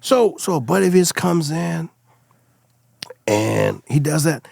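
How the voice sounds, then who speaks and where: A middle-aged man telling stories as a podcast guest, lively and acting out the people he quotes. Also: a little high, measured pace, creaky, no room sound, studio quality. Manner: animated storyteller, acts out quoted voices. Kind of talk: casual storytelling chat.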